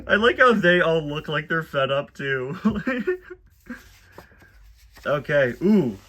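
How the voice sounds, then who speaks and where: A man's voice: fairly high pitch, animated, slow pace, fairly bright tone. A man casually commenting on a children's book and reading bits aloud, chatty and wry with frequent asides. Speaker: host reviewing a children's book.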